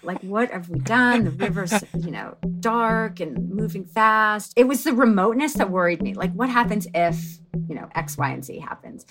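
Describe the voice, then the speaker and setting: A middle-aged woman telling a personal story as a podcast guest, animated and chatty with lots of fillers. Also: mid-range voice, moderate pace, few pauses, music in the background. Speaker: guest, author and mother.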